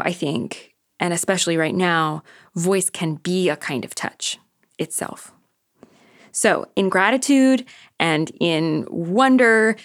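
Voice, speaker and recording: A woman hosting a podcast, reading a reflective, measured introduction. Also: fairly low pitch, no room sound, clean studio sound. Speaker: podcast host. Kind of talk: scripted narration.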